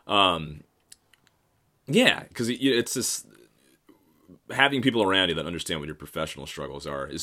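A man's voice: deep voice, bright, forceful tone. A man in his thirties rambling through a casual, profane, self-mocking monologue. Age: 30s.

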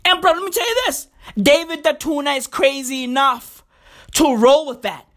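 A woman's voice: high-pitched, moderate pace, a bit bright. A woman from South Africa delivering a profane, slangy, incredulous comedic rant to camera. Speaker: commentator.

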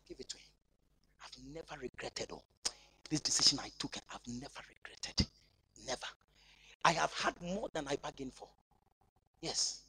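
A man preaching a sermon in church, swinging between shouting and near-whispering. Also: mid-range voice, animated, moderate pace, pauses often, husky. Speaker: pastor.

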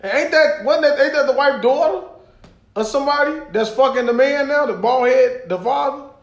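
A man co-hosting a podcast, talking casually with a lot of laughter and profanity, telling stories with animated put-on voices. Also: extremely high pitch, moderate pace, roomy sound. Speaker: podcast co-host. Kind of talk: casual chat.

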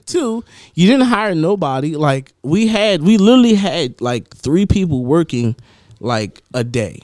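A young man co-hosting a podcast, telling a story in an animated, laughing way. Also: fairly high pitch, unhurried, dry recording, clean studio sound. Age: young adult. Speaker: podcast co-host. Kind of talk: casual chat.

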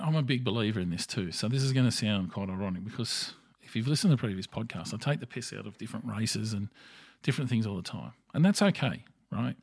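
Blunt gravelly Australian man ranting. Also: mid-range voice, darkish tone, no room sound, clean studio sound. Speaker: podcast host. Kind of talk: opinionated solo podcast monologue.

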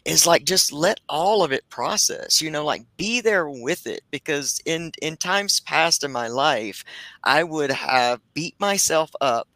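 A man's voice: a little high, expressive, unhurried, sharp tone, no echo, poor audio. A man hosting a livestream as a reverend, speaking earnestly and emphatically about feelings and spiritual growth. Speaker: host and reverend. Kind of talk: reflective heartfelt talk.

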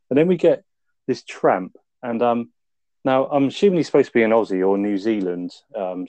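Low-voiced man, casual podcast chat. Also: mellow, dry recording. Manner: laid-back storytelling with frequent swearing and laughs. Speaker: podcast co-host reviewing a film.

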